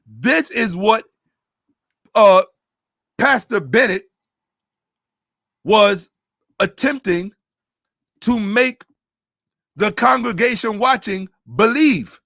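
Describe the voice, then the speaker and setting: High-voiced man, emphatic commentary. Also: vocal fry, a bit bright, no echo, studio quality. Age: middle-aged. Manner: emphatic, drawn-out stresses, storytelling. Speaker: host. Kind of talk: casual monologue commentary.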